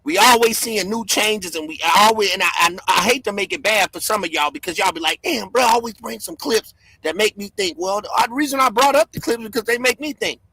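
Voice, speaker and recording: A man hosting a livestream, yelling and cursing in fired-up commentary from home. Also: high voice, brisk, creaky, few pauses, slightly rough, no room sound. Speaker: livestream host.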